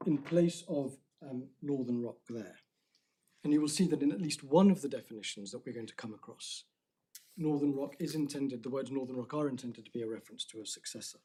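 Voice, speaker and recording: Speaking with formal deliberation, a man makes his appeal case to the judges and keeps restarting his phrasing. The voice is mid-range and warm.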